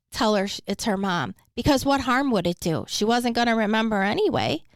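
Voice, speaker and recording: A woman's voice: medium pitch, dry recording. A middle-aged woman hosting a podcast, telling her own caregiving story in an earnest, heartfelt way. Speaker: podcast host, former caregiver. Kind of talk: personal reflective talk.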